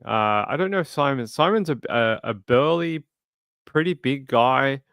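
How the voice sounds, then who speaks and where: Casual streamer host, man, smooth voice, close dry mic, reads chat with sympathy. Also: mid-range voice, lively intonation, moderate pace, fairly bright tone, no echo. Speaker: true crime livestream host. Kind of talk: casual livestream chat, reading viewer comments.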